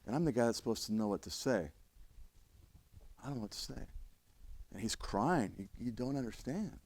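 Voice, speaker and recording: An older man, an instructor, telling a story in a lecture, emphatic and restarting his sentences, now loud, now quiet. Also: lowish voice, expressive, normal speed. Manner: emphatic, with frequent restarts and swings in loudness. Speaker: fire service instructor.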